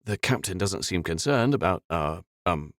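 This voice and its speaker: A man's voice: sits low, lively intonation, moderate pace, fairly bright tone, dry recording, clean studio sound. A male narrator voicing a determined teenage boy hero who speaks in an urgent way. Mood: worn out.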